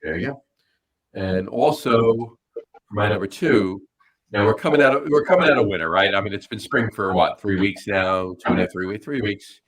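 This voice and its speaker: A man with a low-set voice chats casually over beers, wandering through his points in a loose, rambling way. He sounds like a relaxed podcast co-host among friends. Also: moderate pace, poor audio. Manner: loose, rambling list-making.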